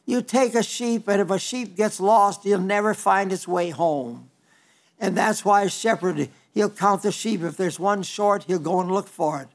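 Brief: older male preacher, light high voice, homespun sermon delivery, frequent stumbles and restarts. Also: measured pace. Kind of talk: folksy sermon.

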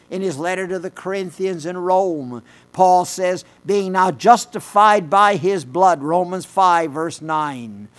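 A man, an older preacher, delivering a sermon in an earnest voice that rises into emphatic bursts when quoting scripture. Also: high voice.

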